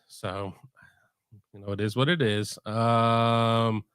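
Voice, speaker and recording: Host, middle-aged man, casual rambling talker, mid pitch, dead-dry home mic. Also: takes it slowly, a bit bright, clean tone, dry recording. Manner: rambling, with many restarts. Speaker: sports podcast host. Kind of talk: casual live-stream chat. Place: home room.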